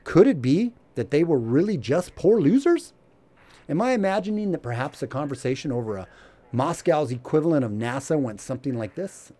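Mellow, animated man reading commentary. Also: a little high, fairly quick, no echo. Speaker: channel host.

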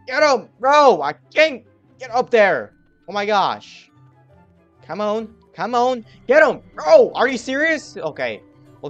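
A young man giving excited gameplay commentary, trash-talking and yelling at other players. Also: high-pitched. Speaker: gaming youtuber.

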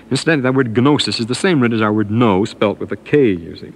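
A man's voice: on the low side, sing-song, normal speed, hardly any pauses. A middle-aged man delivering a formal, scholarly radio lecture in the 1950s, emphatic as he quotes scripture at length.

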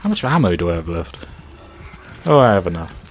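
A man's voice: sits low, sing-song, a little fast, faint music behind. A man commentating a video game playthrough, sarcastic and swearing, with jokey asides. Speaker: gaming youtuber. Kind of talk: let's play commentary.

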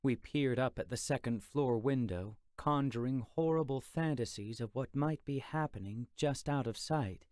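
A man reads an audiobook aloud, telling the story in a steady, measured way. His voice sits in the mid range, and the recording is clean studio audio with no room sound. It is scripted narration.

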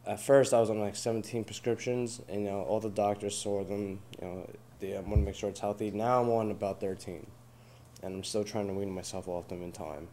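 A man's voice: lowish voice, steady tone, brisk, dark tone, slight background noise. A young adult man, a veteran, talking casually in a loose, rambling, offhand way. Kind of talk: casual interview talk.

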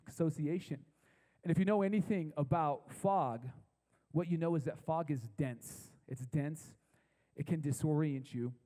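A man preaching a sermon to a young adult congregation in a church, chatty and conversational, repeating key phrases slowly for emphasis. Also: a little high, warm tone, big-room sound, low-quality recording. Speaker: pastor. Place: church service with a live audience.

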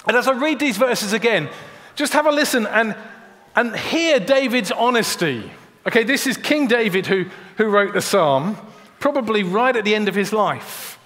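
A man's voice: sits high, expressive, moderate pace, a bit bright. A man preaching a sermon in a church, earnest and direct, often repeating a word as he starts a sentence. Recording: long church reverb.

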